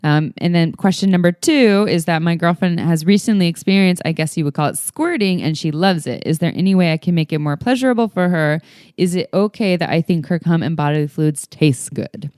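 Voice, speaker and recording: A woman co-hosting a podcast in casual chat, upbeat and quick with interjections, who also reads out listener questions. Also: on the low side, darkish tone, clean tone, dry recording, studio quality. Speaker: podcast co-host.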